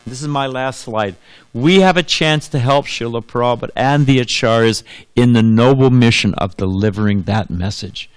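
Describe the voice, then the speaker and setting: A man's voice: mid-range voice, moderate pace, clean tone. A man giving a temple sermon as a monk, telling anecdotes, laughing often and putting questions to his audience. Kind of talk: storytelling sermon.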